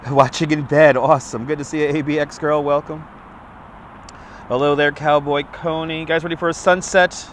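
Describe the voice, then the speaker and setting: The delivery is flat, at a moderate pace, in a fairly high male voice. He hosts a live walking stream on a city street using a phone on a gimbal, greeting viewers by name in a chatty, upbeat way. A slightly stuffy nose may cause his voice to crack, and faint street and traffic noise is present.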